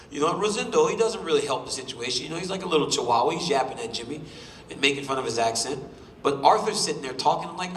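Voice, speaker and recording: A man's voice: on the high side, animated, quick pace, a bit bright, slight background noise. Man in his thirties, fighter at a press conference, boastful joking trash talk, echoey hall, off-mic. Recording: roomy hall, voice from a distance.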